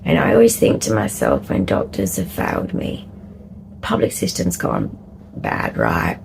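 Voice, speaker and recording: A middle-aged Australian woman vlogging candidly, rambling and laughing often, sometimes dropping into a soft whisper. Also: a bass voice, wildly swooping pitch, moderate pace, vocal fry, noisy background. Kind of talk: candid personal vlog talk.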